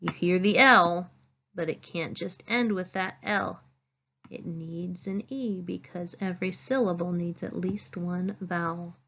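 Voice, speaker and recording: Teacher lady reading spelling words real slow n clear, kinda dull lo-fi sound. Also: on the low side, pushed and bright, a little hiss or hum. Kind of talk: phonics lesson.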